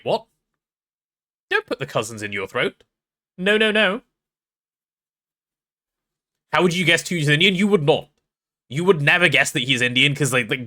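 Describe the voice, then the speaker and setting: A young Englishman chats casually on a gameplay livestream, reading the chat aloud, cracking jokes and apologizing quickly. His voice sits a little high and sounds pushed and bright.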